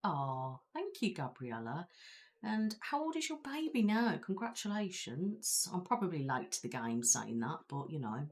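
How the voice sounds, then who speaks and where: A woman from Belfast, Northern Ireland, hosting an ASMR live stream, chats with viewers in a casual, rambling way full of fillers. Her low voice is very animated, her pace moderate, and her accent Belfast.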